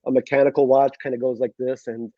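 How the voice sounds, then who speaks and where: A man's voice: mid-range voice, little pitch movement, quick pace, no echo. A middle-aged man from Russia with a slight Queens accent, an author chatting in an interview in a self-deprecating way with many fillers. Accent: slight Queens New York. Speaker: author guest. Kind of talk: conversational interview. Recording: dull lo-fi sound.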